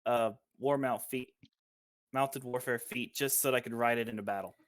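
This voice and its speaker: A man's voice: mid-range voice, fairly even intonation, normal speed, dry recording, studio quality. A man playing in an online tabletop game, eagerly planning his character's moves. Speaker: player. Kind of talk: casual chat at a game table.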